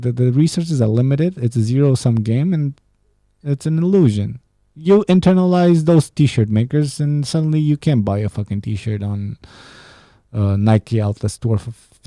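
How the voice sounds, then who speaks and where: A man's voice: mid-range voice, warm tone, no echo. A man from Romania, hosting a solo podcast in a sarcastic, profane rant. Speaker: podcast host.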